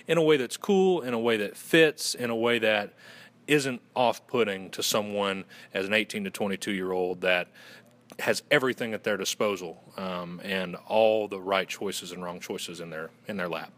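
A man with a Southern accent talks in an easygoing, folksy way as an interview guest. His voice sits a little low. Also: normal speed, fairly bright tone. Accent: Southern American. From Western North Carolina. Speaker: guest, fraternity communications director. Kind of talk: conversational interview.

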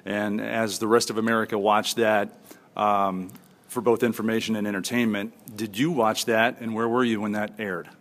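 A man's voice: lowish voice, flat delivery, normal speed, fairly bright tone. A man hosting a talk show interview, upbeat and enthusiastic. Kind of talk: hosted interview.

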